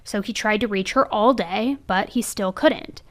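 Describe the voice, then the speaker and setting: A woman's voice: mid-range voice, measured pace. A young woman narrating a true crime case in a chatty, conversational way, often checking in with "right?" and "I mean".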